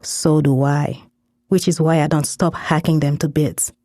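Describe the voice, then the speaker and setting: Woman, scripted fiction narration, measured intensity, warm dark tone, dry close recording. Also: sits low, fairly even intonation, no room sound. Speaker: story narrator.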